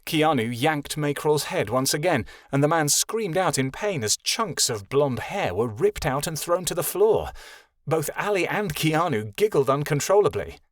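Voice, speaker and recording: A man narrating a young-adult fantasy audiobook in a steady storytelling manner, giving each character its own voice. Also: a little high, normal speed, no room sound. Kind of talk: scripted narration.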